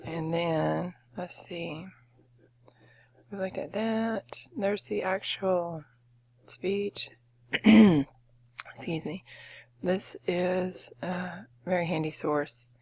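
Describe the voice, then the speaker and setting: A woman's voice: on the low side, creaky, slightly rough, no echo. A woman teacher walking students through an essay-writing lesson, explaining step by step with frequent fillers and okays. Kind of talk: classroom lesson walkthrough.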